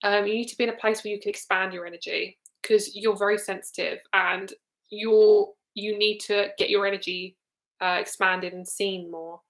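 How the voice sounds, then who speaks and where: A woman's voice: medium pitch, fairly even intonation, moderate pace. A young woman giving a casual live card reading to viewers, chatty and loose, with frequent ums and casual swearing. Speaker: tarot reader.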